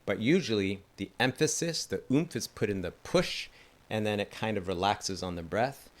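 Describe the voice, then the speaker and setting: A man's voice: on the low side, lively intonation, normal speed, faint music behind. A man teaching a didgeridoo lesson in a casual, enthusiastic way, chatting and laughing at his own slips. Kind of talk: casual instructional talk.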